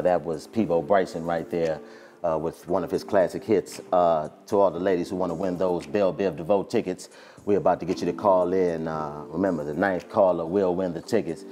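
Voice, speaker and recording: A man doing a low crooning slow-jam radio DJ. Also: fairly even intonation, warm tone, close to an everyday voice. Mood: smooth, laid-back. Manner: low, slow, crooning delivery with drawn-out fillers.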